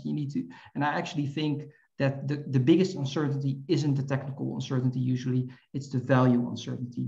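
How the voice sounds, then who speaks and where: Gravelly-voiced Dutch man on a call. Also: mid-range voice, dark tone. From Netherlands. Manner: fast, with frequent restarts and repeated words. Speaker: guest speaker. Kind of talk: conversational Q&A answers. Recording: echoey, dull lo-fi call audio.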